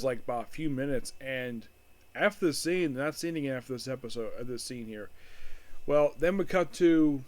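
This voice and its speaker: A man's voice: fairly high pitch, no room sound. A man casually recapping an anime episode as a reviewer, rambling with frequent restarts and fillers.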